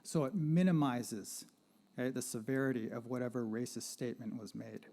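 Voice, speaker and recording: A man's voice: mid-range voice, normal speed, mellow. A man giving a lecture-style talk at a gallery panel, conversational, checking in with "right?" and asking the audience questions. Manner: asks the audience questions and invites participation. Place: art gallery panel event.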